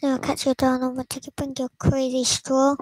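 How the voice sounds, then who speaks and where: A woman's voice: sits high, completely flat delivery, fairly quick, heavy background noise. A woman host casually reading a film script aloud, stumbling and restarting, sometimes dropping to a whisper. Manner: stumbling read-through with restarts and whispered asides. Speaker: channel host.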